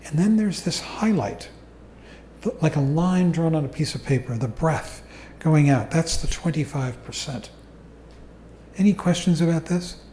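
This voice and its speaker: A man giving a calm, unhurried dharma talk as a meditation teacher to a group. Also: on the high side, slight background noise. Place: meditation hall. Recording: echoey room recording.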